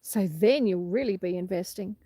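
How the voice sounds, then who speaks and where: A woman's voice: mid-range voice, moderate pace, warm tone, slightly rough, no room sound. A woman with an Australian accent hosting a casual livestream outdoors on a windy farm, chatting and laughing easily while greeting viewers by name. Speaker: livestream host. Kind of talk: casual livestream chat, reading comments aloud.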